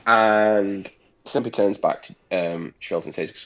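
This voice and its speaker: A man's voice: fairly low pitch, takes it slowly, muffled recording. A man playing a tabletop game, narrating his character's actions in a chatty way. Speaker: player.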